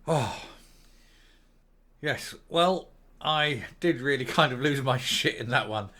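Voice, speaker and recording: A man's voice: mid-range voice, takes it slowly, pauses often, bright, forceful tone. Fired-up man ranting. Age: older. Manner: angry, swearing, emphatic outbursts. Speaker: channel host. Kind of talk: opinion rant to camera.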